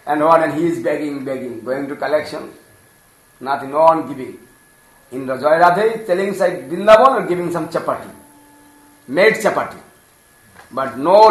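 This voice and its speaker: A man telling a devotional story in simple English, animated, acting out the characters' voices and laughing often. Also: fairly high pitch. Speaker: storyteller preacher. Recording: echoey room.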